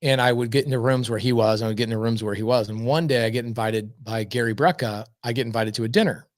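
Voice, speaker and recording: A man's voice: mid-range voice, fast talker, no echo, studio quality. A man chatting as a podcast guest, telling stories with energy and emphasis, often repeating words for effect. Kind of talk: casual storytelling chat.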